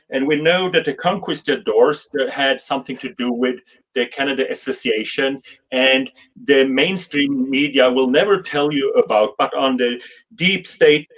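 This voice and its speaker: Guy doing a conspiracy nut american, slow, earnest, rambling on and on. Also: mid-range voice, fairly bright tone.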